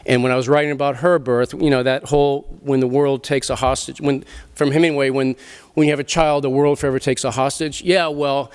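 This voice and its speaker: A middle-aged man, speaking to a literary festival audience in an animated, emphatic way, often restarting his sentences and swearing casually. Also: medium pitch, brisk, smooth. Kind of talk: animated talk and Q&A. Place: festival venue before an audience.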